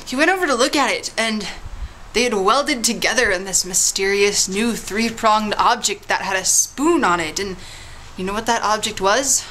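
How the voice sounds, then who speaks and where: A playful woman vlogger spins a teasing tall tale, swooping into grand storytelling tones and back to chatty asides. Her pitch sits in a middle range, and faint hiss lies under her voice. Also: moderate pace, pushed and bright, poor audio. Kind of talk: casual vlog with a mock history tale.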